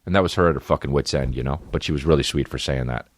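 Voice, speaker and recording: A man's voice: a bass voice, rapid-fire, dry recording, clean studio sound. A man in his late thirties from New Jersey, telling comedic stories as a podcast host in a profane, rambling way. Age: 30s. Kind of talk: comedic storytelling.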